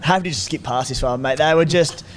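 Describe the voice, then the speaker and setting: A man's voice: mid-range voice, fast talker, a little hiss or hum. A man co-hosting a casual sports podcast, laid-back and rambling as he makes his point. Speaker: podcast co-host.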